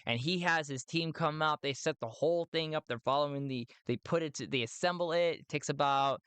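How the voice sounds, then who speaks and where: A man's voice: on the high side, a little fast, a bit bright, clean tone, dry recording. A man narrating a solo tabletop game in a playful, rambling way, with many fillers.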